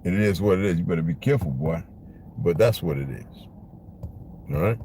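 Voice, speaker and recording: A man's voice: sits low, animated, fairly quick, dark tone. A man vlogging from his car, talking in a blunt, profane, rambling way in a casual monologue. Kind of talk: casual monologue while driving. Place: inside a car. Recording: noisy car interior.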